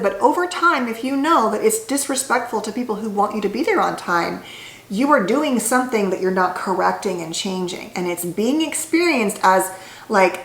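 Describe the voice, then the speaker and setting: A woman's voice: mid-range voice, fairly bright tone. A woman psychologist talking to camera in a casual, conversational way about healing, with many fillers and restarts. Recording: echoey room.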